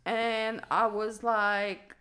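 In casual chat, a Romanian woman in her thirties tells a story from her childhood, animated and laughing as she acts out the people in it. Her voice is medium-pitched and she speaks very slowly.

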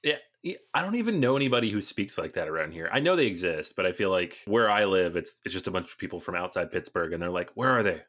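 Low-voiced, easygoing male podcast co-host. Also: animated, quick pace, few pauses, a bit bright. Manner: easygoing, self-deprecating. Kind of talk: casual chat.

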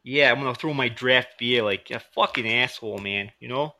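A man's voice: medium pitch, moderate pace, bright, forceful tone. A man trading crude, profane jokes with a friend while streaming, laughing often. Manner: profane, laughing, joking in a rowdy voice.

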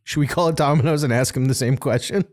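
A man's voice: medium pitch, fast talker. A man co-hosting a casual podcast, joking loosely and laughing often between prank calls. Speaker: podcast co-host. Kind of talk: casual prank-call banter.

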